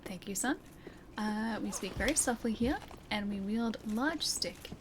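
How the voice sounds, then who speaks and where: A woman whispering as a soft-spoken painter. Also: mid-range voice, big pitch swings, noisy background, lightly acted. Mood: hushed, soothing. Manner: breathy hushed whisper, slow and soothing. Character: hushed gentle TV painter, calm and soothing. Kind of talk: whispered role-play. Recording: game music playing behind.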